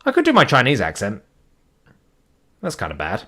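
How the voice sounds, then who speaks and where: A man reading live for his stream, breaking off to chat with viewers and talk himself through choices. He mutters, mocks himself, and lets his pitch wander widely. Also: huge pitch swings, moderate pace, sharp tone, breathy edge. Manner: muttering, thinking aloud, self-deprecating.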